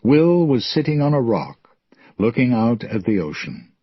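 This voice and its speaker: Slow husky guy reading a story for english learners, dry muffled recording. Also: medium pitch, big pitch swings, dry recording. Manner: clear, deliberate. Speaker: narrator. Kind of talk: slow graded-reader story narration.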